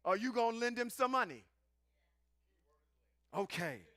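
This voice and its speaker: High, animated man teaching a crowd. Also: unhurried, no echo, clean studio sound. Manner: animated, playful, calls out to the audience. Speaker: teacher of scripture. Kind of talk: live-streamed teaching.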